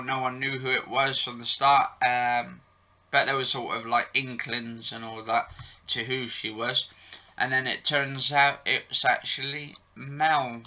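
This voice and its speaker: A man's voice: medium pitch, pushed and bright. A man vlogging casually to his channel, rambling with many fillers and self-corrections. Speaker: YouTube vlogger reviewing soap episodes. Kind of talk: casual chat to camera.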